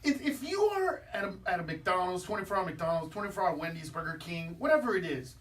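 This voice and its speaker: A man's voice: high-pitched, very animated, fast talker, distant mic. Brash ranting comedian man. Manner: brash, ranting punchlines, bursts of shouting. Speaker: comedian guest. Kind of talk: stand-up style radio chat. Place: radio studio.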